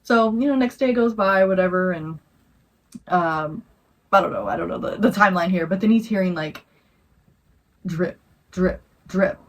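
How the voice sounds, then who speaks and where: A woman co-hosting a podcast, telling a campfire scary story in a rambling, animated way and acting out the voices. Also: lowish voice, normal speed, low-quality recording. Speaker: podcast co-host. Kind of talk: casual storytelling chat.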